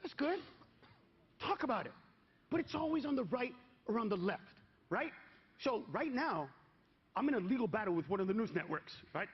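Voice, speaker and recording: A man performing a stand-up comedy set on stage, punchy and loud, shouting his punchlines. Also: sits high, big pitch swings, moderate pace, long pauses. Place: comedy stage before a live audience. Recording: lo-fi live recording with crowd noise.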